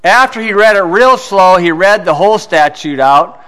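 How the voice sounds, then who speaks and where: A man giving a folksy teaching sermon who tells stories, keeps saying "you see" and drops to a low mutter during anecdotes. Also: animated, moderate pace, sharp tone, clean tone. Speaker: preacher teaching on scripture and law. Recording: hall with long reverb.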